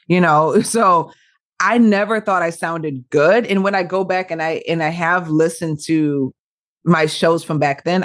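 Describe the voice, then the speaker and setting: A woman radio broadcaster and podcast guest, chatting animatedly and laughing often as she tells stories. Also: lowish voice. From Michigan. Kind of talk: casual interview chat.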